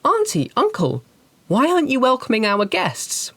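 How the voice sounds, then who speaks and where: A woman voicing a sweet, lonely young elf ghost woman, speaking gently and politely as a game master. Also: high voice, wildly swooping pitch, moderate pace, no room sound, voice pushed up, exaggerated voice.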